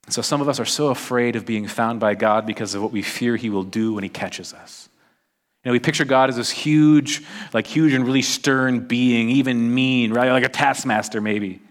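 Pastor, male, mid-pitched, casual chatty sermon, leans on "right?" and "like". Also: normal speed. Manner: chatty, peppers talk with "right?" and "like". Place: church service.

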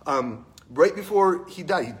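A man preaching a conversational sermon in an animated, storytelling way, asking the congregation questions. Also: sits high, a little slow.

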